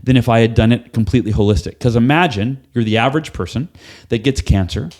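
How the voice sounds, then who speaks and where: A man as a podcast guest, telling a personal story in an animated way, acting out what people said and swearing casually. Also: mid-range voice, fast talker. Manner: animated, acts out quoted dialogue, casual swearing. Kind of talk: storytelling in a conversational interview.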